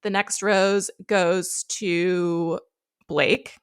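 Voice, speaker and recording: Speaking extremely slowly, a woman with a fairly low pitch and clean tone co-hosts a podcast recapping a reality show. Her casual storytelling is chatty and animated, with quotes acted out.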